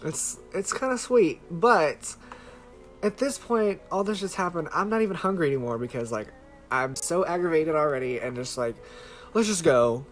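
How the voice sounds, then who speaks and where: A man's voice: on the high side, moderate pace, soft background music. A man vlogging to a camera held close, telling a story casually in a rambling way, swearing freely and filling with "like". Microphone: handheld camera close to face.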